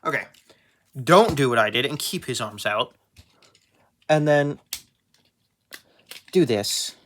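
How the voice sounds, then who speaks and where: A man's voice: medium pitch, lively intonation, slow pace, fairly bright tone, slight background noise. A man giving a casual toy review as a small YouTuber collector, rambling and joking at his own expense. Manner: rambling, joking, self-deprecating.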